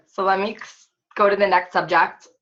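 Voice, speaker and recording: A woman's voice: mid-range voice, unhurried, a bit bright, dull audio. A woman fitness coach leading a casual online training webinar, chatty and upbeat with lots of filler words.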